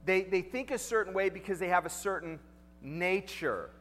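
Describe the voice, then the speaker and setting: A man's voice: high-pitched, normal speed, a bit bright, big-room sound. A male pastor preaching a sermon in a conversational way, asking the congregation questions and repeating key lines.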